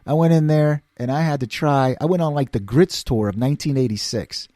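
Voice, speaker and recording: A man's voice: medium pitch, fairly quick, dark tone, no room sound, studio quality. A man in his fifties from the New York City area with a New York accent, telling stories in a casual monologue, acting out quoted voices and laughing often. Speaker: podcast host.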